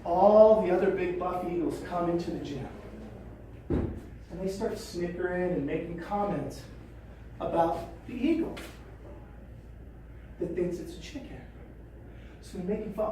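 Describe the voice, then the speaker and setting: A woman trainer telling a story at a training session, animated and repeating phrases. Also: on the low side, measured pace, pauses often, a little hiss or hum. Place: training room. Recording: echoey room from a distance.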